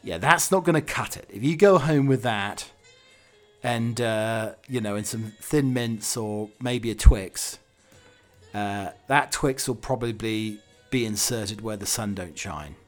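A British man hosting a solo podcast, rambling cheekily and mocking himself. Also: on the low side. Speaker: podcast host.

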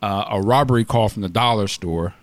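A man hosting a podcast, retelling a news story in casual chat and acting out quoted shouting. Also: fairly low pitch, fairly quick, dry recording. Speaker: podcast host.

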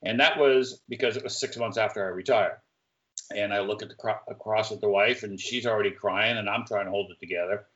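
A man's voice: lowish voice, steady tone, fairly quick, a bit bright. A retired firefighter, a man, candidly telling his story step by step as a podcast guest. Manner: candid, plain-spoken, telling events step by step. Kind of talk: conversational interview storytelling. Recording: dull lo-fi recording.

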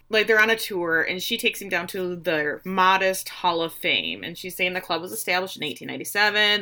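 A woman's voice: mid-range voice, pushed and bright. A woman casually recapping a TV episode with a co-host, acting out quotes in playful voices. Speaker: podcast co-host recapping a show.

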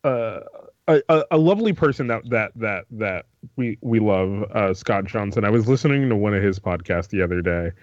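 Stammering podcast co-host, dull mic. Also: male voice, lowish voice, lively intonation, normal speed, no room sound. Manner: hesitant, stammering, restarts often, laughs easily. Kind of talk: casual comedic chat.

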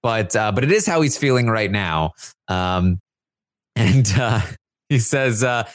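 A podcast host giving a measured reality show recap, with many fillers. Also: mid-range voice, animated, dry recording, clean studio sound.

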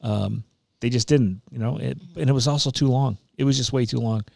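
A man's voice: medium pitch, fairly quick, gravelly, darkish tone, no echo, studio quality. Opinionated man reviewing a film. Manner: opinionated, emphatic, frequent restarts. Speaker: podcast co-host. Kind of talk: casual movie review chat.

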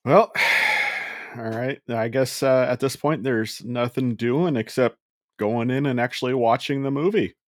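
A man co-hosting a casual movie podcast, relaxed and rambling as he steers the talk. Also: mid-range voice, unhurried, dry recording, studio quality. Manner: relaxed, rambling, leads the discussion. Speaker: podcast co-host. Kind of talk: casual chat.

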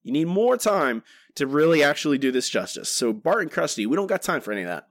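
A man's voice: on the high side, quick pace, dry recording, clean studio sound. A man co-hosting a podcast, talking casually and rambling with frequent restarts. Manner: rambling, many restarts, animated. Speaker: podcast co-host.

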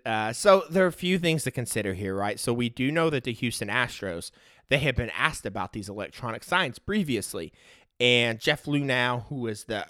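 Breathy, swearing podcast guy ranting. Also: medium pitch, sharp tone, no room sound, studio quality. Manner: loose, profane, joking, rambling. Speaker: podcast host. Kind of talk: casual sports podcast rant.

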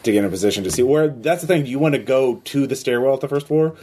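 A man narrating as game master of a tabletop game, talking loosely and haltingly with many fillers. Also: medium pitch, dark tone, slight background noise.

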